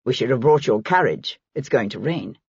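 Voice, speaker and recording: A woman voicing a reserved aristocratic gentleman who speaks in a bland, measured way in an audiobook. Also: rumbling low, animated, slightly rough, no room sound, dull audio, voice pushed down, full character voice.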